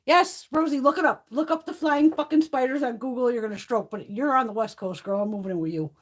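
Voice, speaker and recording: A woman's voice: a little high, fast talker. A middle-aged woman hosting a beauty livestream, chatting casually with viewers and telling stories full of swearing and laughter. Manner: profane, laughing storyteller. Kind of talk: casual chat with live viewers.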